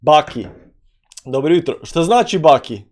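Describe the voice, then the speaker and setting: A man with a somewhat high voice hosts a relaxed live stream. He drifts between chatting with viewers and muttering through chart lines. His non-native English is full of fillers, repeated phrases and half-finished thoughts. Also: normal speed. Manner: loose and rambling, many fillers, greets chat viewers. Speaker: crypto trading live-streamer.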